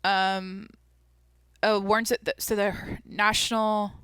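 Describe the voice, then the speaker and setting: A young woman hosts her own podcast in a casual, rambling chat full of fillers and deadpan jokes. Her voice is bright and lively in tone. The recording is dry and close, with no room sound. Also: mid-range voice, slow pace, clear, resonant tone, no echo. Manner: rambling, jokey, lots of "like" and "um"; self-described deadpan. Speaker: podcast host.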